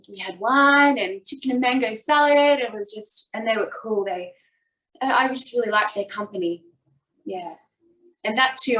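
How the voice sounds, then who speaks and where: A woman's voice: medium pitch, a bit bright. A woman in her twenties from Australia, a guest telling her personal story openly and reflectively. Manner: open, reflective, with quick bursts when retelling. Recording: echoey room, voice a bit far from the mic.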